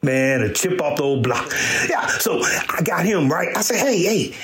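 A middle-aged man hosting a comedy show, telling a profane story and acting out quotes in sudden high bursts. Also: animated, normal speed, a bit bright. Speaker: comedian host. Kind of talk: storytelling stand-up monologue.

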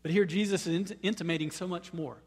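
A man preaching a sermon. He often repeats words as he starts a phrase, and at times he rises to loud, high-pitched proclamation. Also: steady tone, fast, in a large hall. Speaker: pastor.

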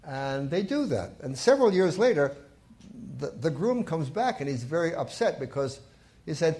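A man's voice: fairly high pitch, very animated, normal speed, a little mellow. A man preaching a sermon in a church, telling stories and stressing key points with rising emphasis. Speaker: pastor.

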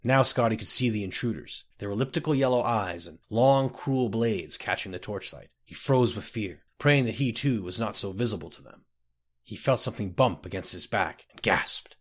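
A man narrating a fantasy story aloud in a measured, expressive way. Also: lowish voice. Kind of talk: audiobook narration.

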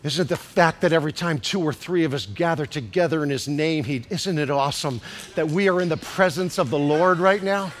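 A bishop preaching a Pentecostal sermon in a church, moving between low asides and shouted declarations and urging the congregation to respond to each other. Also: male voice, fairly quick.

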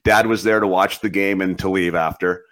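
A middle-aged man with a very low voice hosts a casual interview. He thinks aloud and rambles, restarting his sentences and tagging them with questions. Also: steady tone, moderate pace, a bit bright. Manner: thoughtful, rambling with many restarts and "right?" tags. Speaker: podcast host.

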